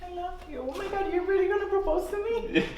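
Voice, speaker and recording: A woman's voice: extremely high pitch, steady tone, quick pace, darkish tone, a little hiss or hum. A woman reacting to being proposed to, laughing, gushing and repeating herself in disbelief. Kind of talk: emotional unscripted reaction. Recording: echoey room, voice from a distance.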